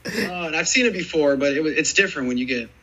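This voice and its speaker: Rambling former ballplayer, bright voice. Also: male voice, fairly high pitch, fast talker, slightly rough, low-quality recording. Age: 40s. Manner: rambling, animated storytelling full of "dude" and "man". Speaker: former baseball player, guest. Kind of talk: casual storytelling interview.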